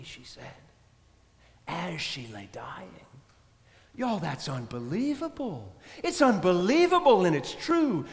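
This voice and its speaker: A male priest preaching a sermon, telling stories emphatically, repeating refrains and speaking directly to the congregation. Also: sits high. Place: church. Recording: long church reverb.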